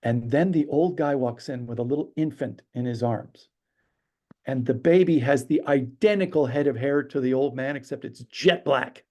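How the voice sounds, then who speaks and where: A man telling a personal story as a podcast guest, lively and acting out the lines he quotes. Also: medium pitch, normal speed. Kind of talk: animated anecdote telling.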